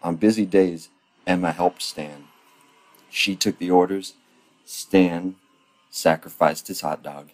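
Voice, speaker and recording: A man reading a children's storybook aloud as a parody, deadpan and full of crude ad-libs. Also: sits low, slow, pauses often. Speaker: comic reader.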